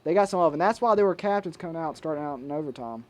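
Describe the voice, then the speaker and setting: A man's voice: fairly high pitch, expressive, very fast. A young man doing mock play-by-play commentary, eager and pushy in debate. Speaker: co-host.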